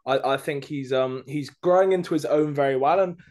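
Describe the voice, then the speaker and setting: Hesitant man, slightly high voice. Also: a little fast, darkish tone. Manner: hesitant, lots of ums, thinks aloud. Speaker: podcast co-host. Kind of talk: casual sports chat.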